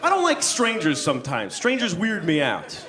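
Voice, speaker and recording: A man doing a stand-up comedy set on a theater stage, telling rambling deadpan stories and jumping into high, loud voices for the people in them. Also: moderate pace. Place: large theater stage before a live audience. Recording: noisy live theater recording with crowd. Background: audience laughter.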